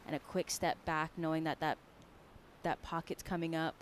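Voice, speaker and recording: A woman with a fairly low voice adds chatty color commentary to a surf broadcast. She trips over and repeats words as she works through her analysis, over faint outdoor noise. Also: fairly even intonation, moderate pace. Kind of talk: live sports commentary.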